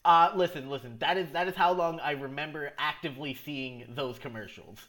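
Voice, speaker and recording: Man, slightly high pitch, casual podcast chat, rambling, laughs a lot. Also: brisk, pushed and bright. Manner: rambling, laughs often, many restarts. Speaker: podcast co-host.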